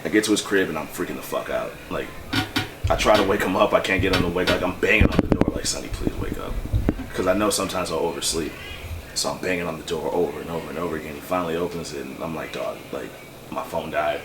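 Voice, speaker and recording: This low-pitched man is heard through heavy noise as he rambles through a long, swear-filled anecdote about his music. His loose, quick delivery is packed with fillers and side comments, recorded from a distance with a faint sense of the room.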